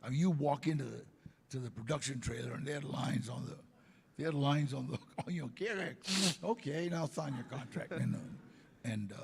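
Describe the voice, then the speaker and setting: Older man, gravelly and husky, animated storyteller, booming hall echo. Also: a little fast, slight background noise. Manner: animated storyteller acting out quotes. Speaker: interview guest. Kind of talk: casual storytelling.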